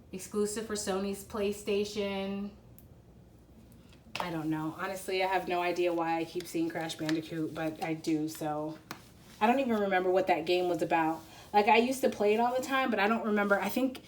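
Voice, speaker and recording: A woman's voice: on the low side, slight background noise. A woman giving a casual spiritual card reading to viewers, talking in a rambling, hesitant way full of fillers and restarts. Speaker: tarot and oracle card reader.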